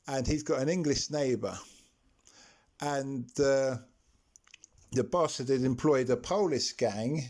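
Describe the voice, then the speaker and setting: A man's voice: mid-range voice, a little mellow. A man casually telling a rambling anecdote on a podcast, quoting the people in it. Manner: rambling, quotes others in his story, fillers. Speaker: guest storyteller.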